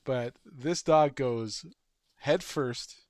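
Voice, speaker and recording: A man's voice: medium pitch, extremely slow, darkish tone, no echo, clean studio sound. A man on a podcast, chatting casually and telling a long, rambling story, acting it out with barking sound effects. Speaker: podcast co-host. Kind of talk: casual chat.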